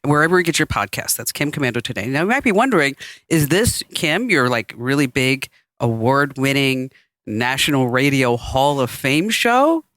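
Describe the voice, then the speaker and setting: A woman's voice: very deep voice, moderate pace, no echo. A middle-aged woman hosting a podcast, telling stories in casual chat with frequent laughter. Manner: animated storyteller, laughs often. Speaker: podcast host.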